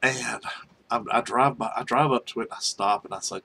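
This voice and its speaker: A man's voice: medium pitch, a little fast, vocal fry, sharp tone, husky. A middle-aged man from North Carolina telling rambling field stories in a casual spoken memoir, with many restarts and chuckles.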